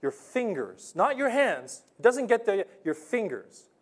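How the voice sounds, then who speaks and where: Male pastor mid-sermon, somewhat high pitch, animated storyteller who drops to hushed earnest tones. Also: unhurried. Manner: animated storytelling preacher, swings from loud to hushed.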